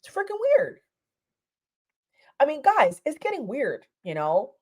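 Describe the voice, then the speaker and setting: A woman from Europe vents in a casual vlog rant, her voice sitting a little high. She talks heatedly and stumbles over restarts, repeating words as she pushes her point, with the odd curse thrown in. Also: wildly swooping pitch, measured pace. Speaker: vlogger.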